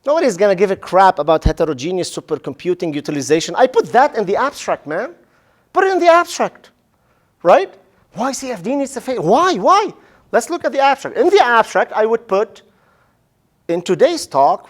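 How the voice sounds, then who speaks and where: Animated high-voiced man lecturing. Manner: lively, animated, acts out listeners' reactions; casual, says "man" and "right?". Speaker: professor. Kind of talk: lecture on public speaking.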